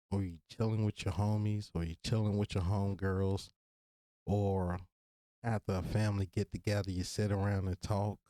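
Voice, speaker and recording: Laid-back Virginia man, low mellow voice. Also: no echo, clean studio sound. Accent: Virginia, Southern US. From Virginia, USA. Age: 30s. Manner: casual, earnest, slangy, direct address to listeners. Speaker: podcast host. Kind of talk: solo podcast monologue.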